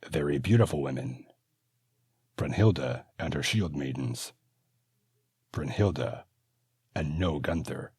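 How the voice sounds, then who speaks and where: A man narrating his own fantasy audiobook in a steady, measured manner. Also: very deep voice, slightly rough, no room sound, studio quality. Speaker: author and narrator.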